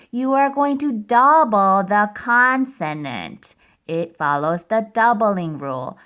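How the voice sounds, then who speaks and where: A woman's voice: mid-range voice, a bit bright. A woman teaching a recorded phonics lesson to first graders, explaining spelling rules step by step in a patient way.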